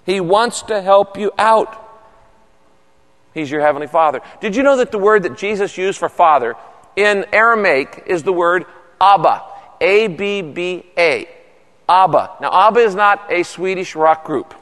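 A middle-aged male pastor giving an animated, folksy sermon with humor to a large congregation. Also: sits high, a little slow. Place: large church hall. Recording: long reverb of a big hall.

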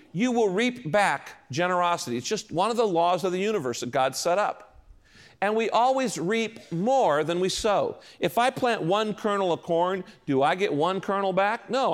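Lively, high-voiced male pastor preaching. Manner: animated storytelling with quoted voices. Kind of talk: sermon.

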